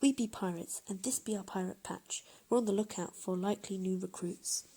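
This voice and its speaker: A woman's voice: medium pitch, brisk, dark tone, breathy edge. A woman voicing a fierce male pirate who growls his lines. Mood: gruff.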